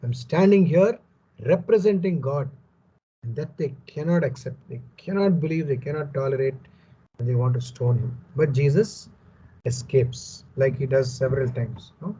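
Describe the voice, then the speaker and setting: A man's voice: medium pitch, normal speed, warm tone, dull audio, a little hiss or hum. A man teaching a Bible passage in an emphatic way, repeating key phrases and checking with "no?" for agreement. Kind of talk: scripture teaching talk.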